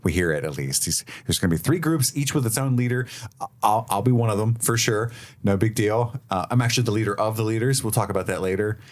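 A man co-hosting a casual podcast, recapping episodes in an animated way and acting out characters' lines. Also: fairly low pitch, fast talker. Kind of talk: casual chat.

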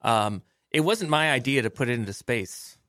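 A comedian voicing a deadpan, middle-aged TV writer and show creator in a radio improv sketch. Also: male voice, mid-range voice, normal speed, no room sound, close to an everyday voice. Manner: deadpan, dry. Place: radio studio.

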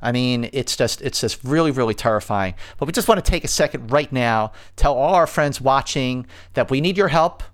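A man's voice: mid-range voice, moderate pace, few pauses. A man co-hosting a casual film podcast, enthusiastic and emphatic, reading out viewer comments. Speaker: co-host.

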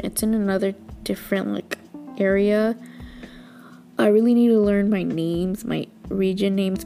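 A woman hosting a podcast, recapping a drama in a chatty, animated way with lots of fillers and little outbursts. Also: mid-range voice, gravelly. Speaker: podcast host.

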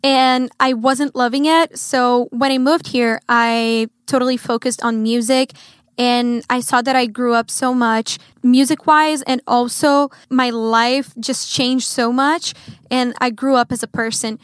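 A young Brazilian singer with a Brazilian Portuguese accent chats cheerfully about her music as a guest in a casual interview, laughing often. Her voice is on the high side, smooth and fairly even, at a measured pace, captured in a clean, dry studio recording.

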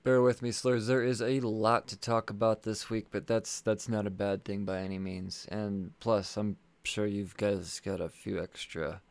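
A man's voice: lowish voice, level tone, a little slow, few pauses. A man hosting a podcast, reading sponsor ads in a loose, rambling way, swearing and tripping over his words. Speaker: podcast host. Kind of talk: casual solo podcast ad read.

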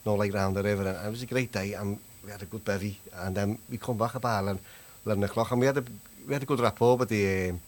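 A man's voice: on the low side, steady tone, rapid-fire, hardly any pauses. A man telling a rambling, laughing anecdote in casual chat. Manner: rambling, laughing, British slang. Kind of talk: casual storytelling.

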